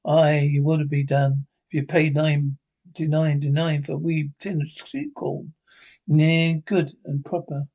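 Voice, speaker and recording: An older man with a Scottish accent, acting in a sitcom and trading gruff, salty, teasing banter. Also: on the high side, steady tone, unhurried, dark tone, muffled recording. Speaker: sitcom actor. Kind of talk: sitcom dialogue.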